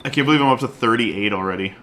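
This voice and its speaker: A man streaming a card game live, chatting excitedly, laughing often and swinging from loud outbursts to quiet muttering. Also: mid-range voice, racing, slight background noise. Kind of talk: live gameplay commentary.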